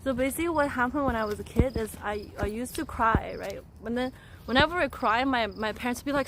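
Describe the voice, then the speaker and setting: Young woman, high voice, streamer, chatty storytelling, stumbling restarts, faint background hiss. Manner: animated, laughing, halting retelling with many restarts. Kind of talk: casual storytelling to a live chat.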